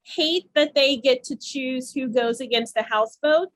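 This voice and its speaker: A woman with a high voice co-hosts a podcast, walking through a reality show episode in a casual play-by-play. She restarts her sentences often as she goes. The sound is dry and close, with no room around it. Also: fairly bright tone, dry recording. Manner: quick play-by-play recap with frequent restarts. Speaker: podcast co-host.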